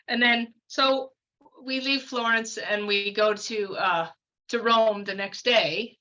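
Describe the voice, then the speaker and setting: Woman, 50s, podcast guest; bright, slightly high voice; rambling, chatty storyteller; slightly dull audio. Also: slow pace. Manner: chatty, meandering, full of fillers and asides. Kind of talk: casual storytelling.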